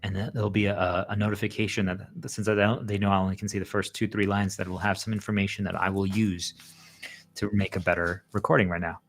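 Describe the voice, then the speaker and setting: A man's voice: on the low side, quick pace. A man talking casually and animatedly to his viewers, rambling with lots of "like" fillers. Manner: rambling, heavy use of "like" fillers; animated, acts out quoted voices. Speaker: channel host.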